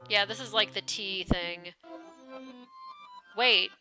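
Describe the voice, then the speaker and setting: A woman's voice: medium pitch, slow, music in the background. A woman streaming a game, chatting casually, reading game text aloud and swearing now and then. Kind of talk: casual live-stream commentary.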